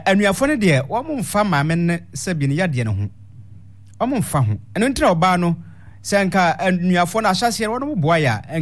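A man hosting a call-in radio show, questioning callers and slowly reading out a phone number. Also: a little high.

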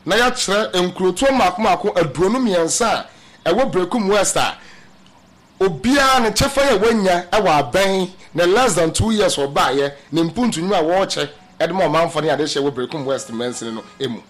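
A man's voice: sits high, animated, normal speed. A man giving emphatic political commentary in radio-style talk, mixing English phrases into his speech and addressing listeners as family.

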